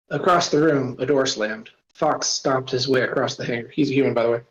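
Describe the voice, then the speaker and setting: A man's voice: mid-range voice, fairly quick, few pauses. A man reading his own story aloud, casual, stopping to add asides and apologies. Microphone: voice-chat mic. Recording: roomy, dull voice-chat audio.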